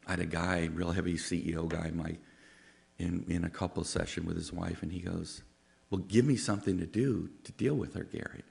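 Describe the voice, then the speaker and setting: A man with a very low, gravelly voice delivers a conversational sermon-style talk. He is a psychologist who tells stories, often slipping into the voices of people he quotes. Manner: chatty, storytelling, acts out quoted voices. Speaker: psychologist giving a Sunday talk.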